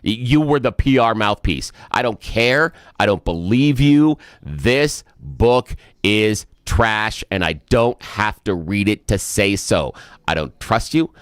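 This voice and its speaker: A man's voice: on the low side, animated, slow, smooth, no room sound, clean studio sound. A middle-aged man co-hosting a talk radio show, ranting in an emphatic, indignant way.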